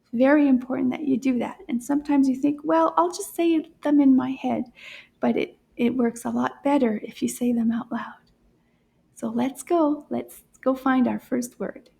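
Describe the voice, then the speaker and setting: Speaking in a high voice, a woman teaches kids French with soft encouragement, frequently lowering to a near-whisper as she pronounces every word slowly and clearly.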